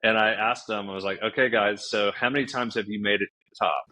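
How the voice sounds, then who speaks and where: A man, guest on a podcast, tells stories with vivid energy, acting out what people said with big leaps in his voice. His voice sits fairly low and sounds forceful and bright. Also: fast talker. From United States. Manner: animated storyteller, acts out quoted dialogue with big pitch jumps. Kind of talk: casual storytelling interview.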